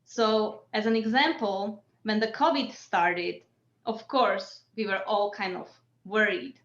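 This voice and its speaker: A woman competing in a speech contest, answering a host's questions in a measured, deliberate way. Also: medium pitch, a bit bright. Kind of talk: interview answers. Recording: echoey, lo-fi room audio.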